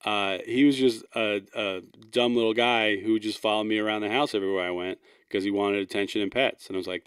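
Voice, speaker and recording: A man co-hosting a podcast, rambling through casual talk with self-deprecating asides and laughs slipped in between words. His voice sits at an ordinary pitch, recorded close and dry. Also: fairly even intonation, brisk, few pauses, clear, resonant tone, dry recording. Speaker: podcast co-host. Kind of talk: casual chat.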